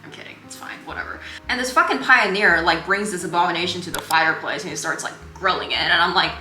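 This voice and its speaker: Young woman, cooking vlogger, self-mocking and sarcastic, slightly low, bright tone, faint music behind. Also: fast, reverberant. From Korea. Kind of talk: casual vlog chat. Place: home kitchen.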